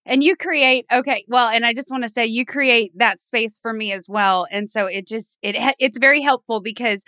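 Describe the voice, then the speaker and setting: A woman's voice: fairly high pitch, moderate pace, bright, forceful tone, no echo. A woman co-hosting a podcast in casual chat, telling stories and laughing often. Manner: chatty storyteller, laughs often. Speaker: podcast co-host.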